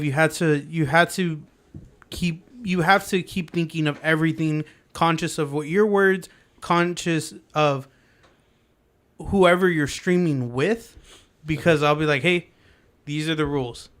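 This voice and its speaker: A man's voice: on the high side, a little slow, long pauses, fairly bright tone. A man hosting a casual podcast, rambling loosely with many fillers and restarts. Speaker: podcast host. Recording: lofi music underneath.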